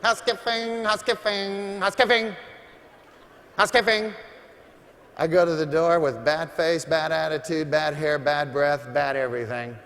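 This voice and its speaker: A man's voice: fairly high pitch, little pitch movement, normal speed, hardly any pauses. Brash male seminar speaker in an arena. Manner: brash, joking, punchy. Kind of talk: sales pitch to a live audience. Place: large arena. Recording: long reverb of a large arena.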